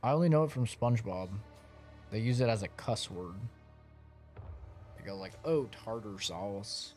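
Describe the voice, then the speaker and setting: A man's voice: on the low side, lively intonation, normal speed, mellow, soft background music. A man streaming a game, chatting casually and swearing as he plays and rants. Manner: swears freely, rants animatedly. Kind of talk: casual gameplay commentary.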